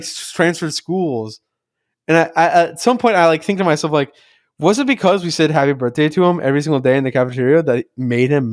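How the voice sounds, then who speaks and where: Casual young man, smooth higher voice. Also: no room sound, clean studio sound. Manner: rambling storyteller, heavy filler "like", swears freely. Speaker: podcast co-host. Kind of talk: casual chat.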